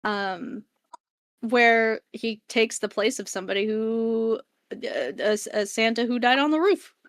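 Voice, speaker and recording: A woman's voice: a little high, a little slow, dry recording, clean studio sound. A woman co-hosting a podcast, chatting casually and hesitantly, often trailing off and losing her thread. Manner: hesitant, many fillers, loses her train of thought. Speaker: podcast co-host. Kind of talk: casual movie chat.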